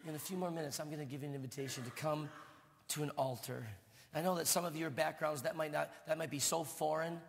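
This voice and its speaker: A male pastor preaching a sermon, moving from loud, fervent proclamation to hushed, tender lines. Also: on the high side, creaky. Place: church sanctuary. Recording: long reverb of a church hall.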